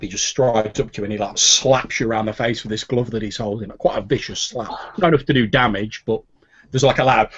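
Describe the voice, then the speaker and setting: A man narrating as game master in a casual way, full of fillers. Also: on the low side. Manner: casual, many fillers like "like" and "sort of". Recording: dull lo-fi recording.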